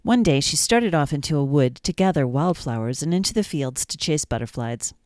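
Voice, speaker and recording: A woman hosting a children's storytime show, reading a storybook aloud in a gentle, even manner. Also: low-pitched, normal speed, no echo, clean studio sound. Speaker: podcast storytime host.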